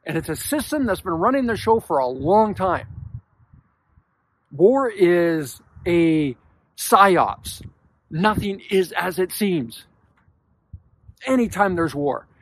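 A man with a notably high voice giving a motivational podcast talk to men. He speaks emphatically and bluntly, dropping casual swear words. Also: no echo. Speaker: podcast host.

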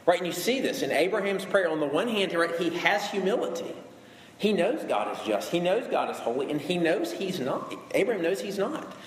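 A man in his thirties preaches in a slightly high voice, talking to the congregation in a casual way and repeating words for emphasis. His voice rings with a long reverb through a large hall, over a faint background hum. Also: very animated, brisk. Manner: conversational, emphatic preaching with repetition. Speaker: pastor. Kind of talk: sermon. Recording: echoey hall with faint ambience.

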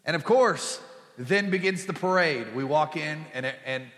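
A middle-aged man preaches in a church, telling a personal story in a chatty, joking way. His voice is bright and pushed, sitting a little high for a man. The room adds a long, ringing reverb. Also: expressive, a little slow. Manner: chatty, jokey, with put-on high squeals for quoted women. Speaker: pastor. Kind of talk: humorous sermon storytelling. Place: church sanctuary.

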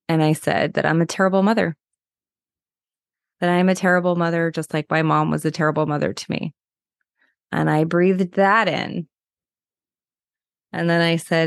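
A woman in her thirties hosts a podcast and tells a personal story in a candid, conversational way. Her voice sits low and sounds close and dry, with no room around it. She piles on fillers, rushes when worked up, and eases into a slow, deliberate pace for the breathing steps. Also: fairly even intonation, gravelly, no echo. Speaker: podcast host and body worker. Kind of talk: personal storytelling, guided reflection.

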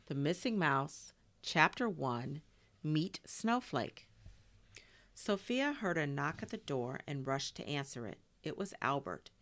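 A woman reads a children's storybook aloud in a low, gravelly voice. Her delivery is lively and full of expressive turns, with Spanish words dropped in.

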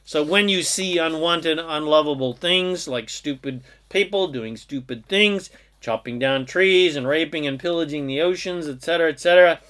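A man's voice: on the high side, normal speed, hardly any pauses, a bit bright. A man giving a motivational self-help talk, emphatic and stringing long lists of clauses together. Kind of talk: motivational monologue.

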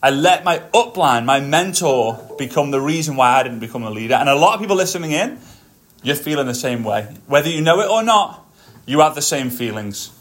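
A man hosting his own podcast, telling stories in an energetic motivational monologue while walking on a treadmill. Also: medium pitch, fairly quick, soft background music. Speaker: podcast host.

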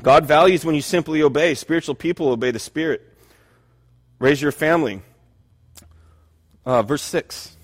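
A man delivering a sermon with earnest, conversational warmth, often circling back and restarting his phrases. His voice sits a little high and carries a long reverb of a church hall around it. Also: normal speed, long pauses. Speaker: pastor.

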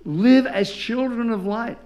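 A man's voice: very high voice, a little slow, a little mellow. A male pastor preaching a sermon, telling stories with humor and leading the congregation in call-and-response.

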